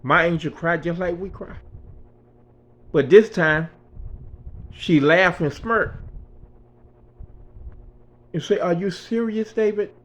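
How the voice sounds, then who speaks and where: A man's voice: fairly high pitch, takes it slowly, pauses often, a bit bright, lo-fi sound. A man in his sixties, an author, telling a spiritual story in an earnest, conversational way. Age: 60s.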